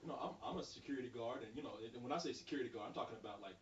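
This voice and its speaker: Fast-talking man telling a wild story. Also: medium pitch, slight background noise. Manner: animated, laughs through stories, swears. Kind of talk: casual storytelling chat. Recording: roomy, distant, muffled.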